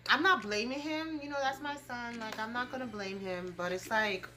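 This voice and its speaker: A woman's voice: on the high side, normal speed, sharp tone, slight background noise. A young woman vlogging casually while doing her makeup, blunt and profane, full of slang and "like". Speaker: beauty and gossip vlogger.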